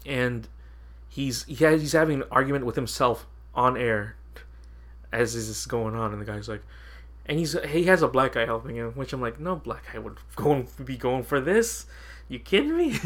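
A man's voice: mid-range voice, expressive, moderate pace, a bit bright. A man co-hosting a podcast in casual chat, rambling and laughing often as he quotes his own reactions. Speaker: podcast co-host.

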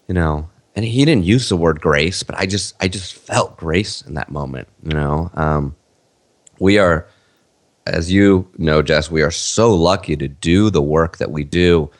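A man's voice: low-pitched, measured pace. A man in his thirties co-hosting a podcast, telling a story in a casual, rambling way with many fillers and restarts. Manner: rambling, with fillers and self-corrections. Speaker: podcast co-host.

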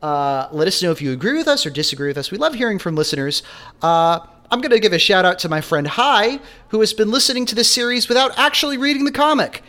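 A man co-hosts a podcast in loose, casual chat. He rambles, swears freely and corrects himself mid-sentence. His fairly high voice is lively and rises and falls a great deal. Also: quick pace. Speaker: podcast co-host.

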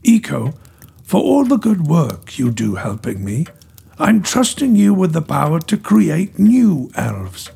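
A man voicing a gentle, wise ancient female nature spirit, speaking softly and slowly. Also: a little high, wildly swooping pitch, vocal fry, breathy edge, exaggerated voice. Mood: reassuring. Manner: soft, slow, soothing.

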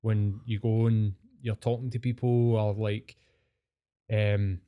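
A man's voice: on the low side, little pitch movement, takes it slowly, clear, resonant tone, phone-quality sound. A man with a Scottish accent chatting casually and swearing freely, telling long rambling stories. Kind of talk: casual chat.

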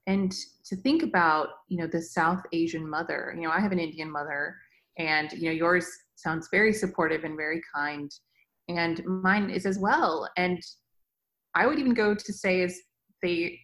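A woman speaks as an expert guest in an interview, explaining things calmly and reassuringly. Her voice sits somewhat low for a woman. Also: normal speed. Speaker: mental health expert guest.

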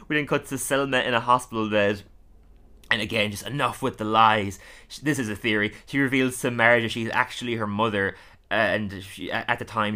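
A chatty male podcast host recapping a cartoon episode in relaxed talk. He laughs often and slips into quoted lines. His voice has a bright, sharp tone at an ordinary pitch.

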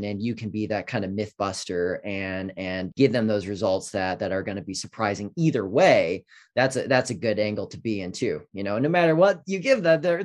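A man on an expert panel, thinking aloud in a loose, rambling way. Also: fairly low pitch. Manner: rambling, many "you know" fillers. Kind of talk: conversational panel discussion.

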